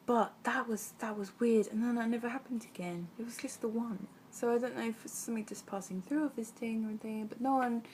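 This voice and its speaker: A woman's voice: fairly high pitch, fast talker, few pauses, darkish tone, a little hiss or hum. A young adult woman vlogger telling a personal story in a chatty, rambling way, full of fillers. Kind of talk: casual storytelling.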